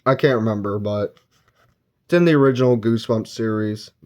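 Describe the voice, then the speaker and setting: A man's voice: fairly low pitch, a little fast, darkish tone. A man giving a casual, rambling spoken book review, retelling the plot and briefly acting out characters' lines. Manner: rambling plot recap with filler words.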